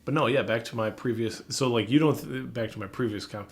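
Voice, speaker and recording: A man's voice: mid-range voice, a little fast. Young dude on a podcast, chatty and loose, keeps restarting his sentences. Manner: rambling, self-correcting, laughs often. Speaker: podcast co-host. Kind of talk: casual chat.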